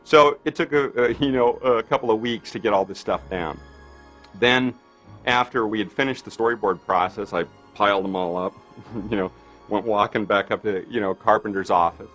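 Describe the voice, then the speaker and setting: Man, low voice, animated anecdotal storytelling, acts out dialogue, faint music behind. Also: normal speed. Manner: animated, acts out quoted dialogue, frequent "you know". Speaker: interviewee recalling film work.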